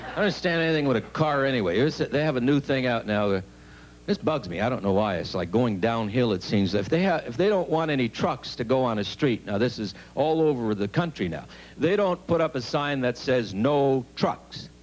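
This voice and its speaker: A man doing a stand-up comedy monologue in a TV studio, telling rambling deadpan stories with asides to the audience. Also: medium pitch, a little fast, slight background noise, rough recording. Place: TV studio stage with live audience.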